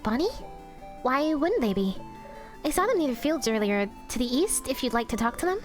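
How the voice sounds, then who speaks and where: A woman voicing a kind, caring young woman companion in a gentle, chirpy manner while reading game dialogue. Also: sits high, big pitch swings, normal speed, soft background music. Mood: concerned.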